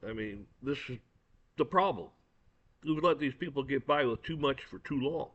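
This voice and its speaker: A man's voice: medium pitch, lively intonation, normal speed, a bit bright. Angry guy cursing through his rant, stumbles over his words, dull muffled sound. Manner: blunt, profane, angry, repeats words. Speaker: commentator. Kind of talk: opinion rant. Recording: dull lo-fi recording.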